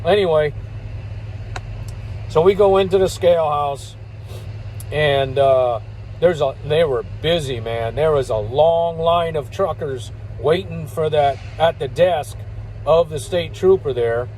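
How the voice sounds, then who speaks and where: A man's voice: a little high, takes it slowly, a little mellow, slight background noise, low-quality recording. An older man, a truck driver, telling stories in a rambling, folksy way and chuckling between remarks. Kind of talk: casual spoken storytelling.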